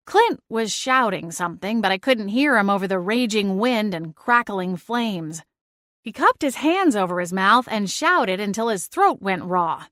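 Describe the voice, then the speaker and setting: A woman narrating a first-person audiobook in a lively, dramatic storytelling manner. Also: medium pitch, measured pace, no echo, studio quality.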